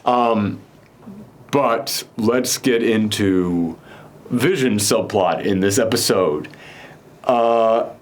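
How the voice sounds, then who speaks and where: A man casually recapping a TV episode with a co-host, rambling with many fillers. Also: fairly low pitch. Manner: rambling, filler-heavy, quick mock voices for characters. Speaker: podcast co-host.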